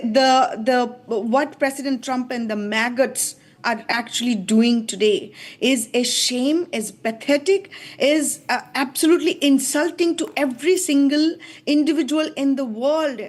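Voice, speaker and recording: A woman speaking as a panelist in a live TV news debate, impassioned and emphatic, hammering her points with repetition. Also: high-pitched.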